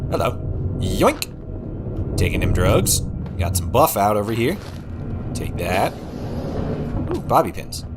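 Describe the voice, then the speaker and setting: A young man from Oregon streaming a game, chatting casually, swearing and laughing often. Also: on the low side. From Oregon, USA. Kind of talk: casual live-stream chat while playing.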